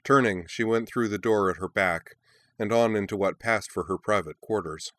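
A man reading a war story aloud in a measured, even narration. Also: on the low side, no echo, clean studio sound.

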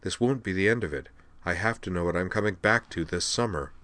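A man doing a brisk, assured young noblewoman. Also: deep voice, sharp tone. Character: confident young noblewoman pilot heir.

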